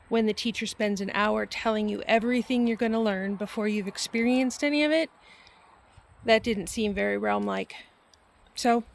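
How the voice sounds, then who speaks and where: Middle-aged lady, soft reflective storytelling, a bit gravelly and fairly high. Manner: soft, reflective, laughs often. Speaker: vlog host and storyteller. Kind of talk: gentle personal storytelling. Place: at home near a barn.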